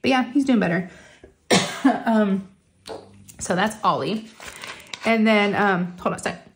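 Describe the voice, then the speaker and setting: A woman's voice: mid-range voice, unhurried, slight background noise. A middle-aged woman chatting casually to viewers from home, telling stories with lots of fillers and giggles. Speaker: crafting vlogger.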